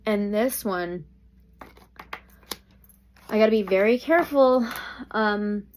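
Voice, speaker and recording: Slow-talking woman reading tarot. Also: mid-range voice, a little hiss or hum. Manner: animated, exclaiming, thinking aloud. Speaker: tarot reader.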